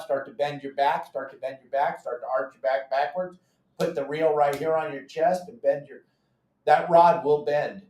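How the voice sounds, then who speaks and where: Emphatic middle-aged male host, fairly high voice, hammers points home, roomy echo. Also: normal speed. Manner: animated, emphatic, repeats instructions. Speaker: fishing show host. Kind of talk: call-in fishing advice show. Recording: echoey room.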